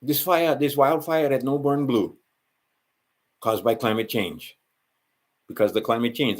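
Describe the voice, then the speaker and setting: A man with a Hawaiian Pidgin accent, rambling through a solo monologue and correcting himself as he goes. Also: medium pitch. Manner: meandering, self-correcting, asides to the listener. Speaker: channel host.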